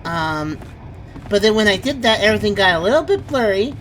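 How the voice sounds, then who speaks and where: Lively, chatty woman streamer. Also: mid-range voice, brisk, faint music behind. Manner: chatty, thinks aloud, laughs often. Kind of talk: casual gameplay commentary.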